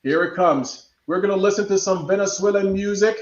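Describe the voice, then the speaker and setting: A man's voice: sits high, a little fast, slight background noise. A man hosting a live online show, playfully quizzing his guest and calling out guesses from the chat. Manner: playful, repeats questions to the chat. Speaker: show host. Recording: echoey room, dull lo-fi sound.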